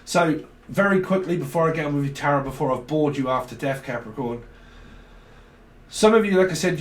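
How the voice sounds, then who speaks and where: A man's voice: medium pitch, roomy sound. A man giving a casual, rambling tarot reading, swearing now and then and talking loosely. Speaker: tarot reader.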